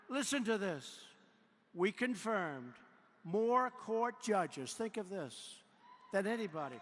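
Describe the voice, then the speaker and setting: Boastful man shouting a rally speech. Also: very high voice. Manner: boastful, repetitive, swings from quiet asides to shouts. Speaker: political speaker at a rally. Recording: echoey arena with faint crowd noise.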